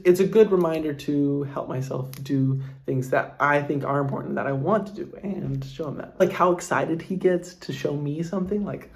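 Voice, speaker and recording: A man's voice: on the high side, normal speed, gravelly, few pauses. A young man and father answering viewer questions in a casual vlog, earnest and heartfelt, rambling with lots of fillers. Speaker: vlogger and father.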